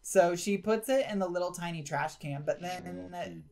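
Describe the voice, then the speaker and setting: A woman's voice: lowish voice, moderate pace, creaky, darkish tone. Chatty woman narrating a life-sim game. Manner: chatty storyteller, filler-heavy "like". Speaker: gaming channel host. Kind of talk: casual gameplay commentary.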